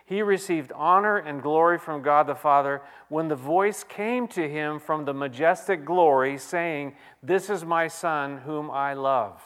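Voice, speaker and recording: Pastor guy preaching, gets loud then drops way down soft, reads bible verses, talks to the congregation. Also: on the high side, measured pace, few pauses. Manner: dynamic preaching, swinging from loud exclamations to hushed quiet. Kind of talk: sermon.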